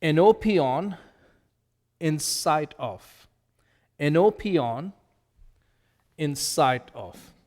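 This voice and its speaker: A man teaching Greek vocabulary, slowly and deliberately repeating each word and its meaning as a drill lesson. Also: a little high, lively intonation, darkish tone, long reverb tail.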